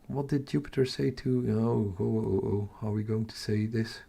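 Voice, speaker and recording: A man's voice: fairly low pitch, steady tone, normal speed, gravelly, warm tone, slightly rough. A man with a Dutch accent, hosting a casual livestream, chatting with viewers and muttering to himself as he works. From Netherlands. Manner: chatty, muttering to himself while tracking captures. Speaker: astrophotography livestream host. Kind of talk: casual live-stream chat reading comments.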